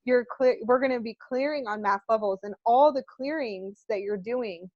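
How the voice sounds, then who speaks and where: A woman co-hosting a casual spiritual chat, animated, laughing often and acting out little quotes with whoops. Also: on the high side, no echo, muffled recording. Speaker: spiritual channel co-host.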